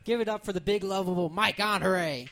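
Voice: medium pitch, a little fast, noisy background. A host emceeing a comedy night in a club, giving loose plugs and introducing the next act. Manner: loose, filler-laden plugs. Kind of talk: emcee announcements.

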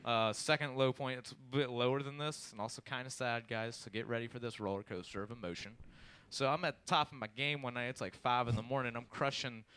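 A man's voice: medium pitch, quick pace, hardly any pauses, clear, resonant tone. A young man telling a funny story to friends, laughing and acting out the people in it. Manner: laughing, animated, acts out quotes. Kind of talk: casual storytelling among friends.

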